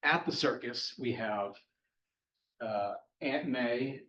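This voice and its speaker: A man's voice: medium pitch, slow pace, fairly bright tone, a little hiss or hum. A man casually recapping a comic book plot in a chatty, wry way. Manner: chatty, wry, speeding through plot points. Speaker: podcast host recapping a comic. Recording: roomy, distant, dull-sounding mic.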